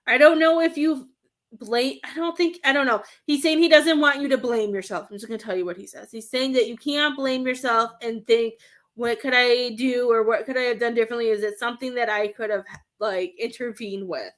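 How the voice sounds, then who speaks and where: A woman's voice: on the high side, steady tone, a little fast. A woman doing a live-stream reading as a medium, talking in a rambling, hesitant way and searching for words. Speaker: psychic medium.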